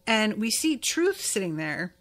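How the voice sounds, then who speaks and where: A woman's voice: medium pitch, very animated, unhurried, a bit bright. A woman hosting a podcast, recapping an episode in a casual, candid way and swearing now and then. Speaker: podcast host.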